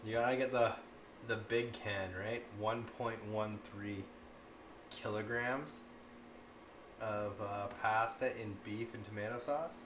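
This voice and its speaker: A man in his thirties with a fairly low voice takes his time as he chats casually and tells stories on his cooking stream. Animated and rambling, he laughs often and says "like" a lot. The room echoes, and faint noise sits in the background.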